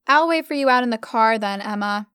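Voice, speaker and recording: A woman's voice: brisk, fairly bright tone, smooth, no echo, clean studio sound, natural voice. A woman voicing a bratty, dramatic young woman who whines and shrieks. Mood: sulky. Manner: whiny and shrill.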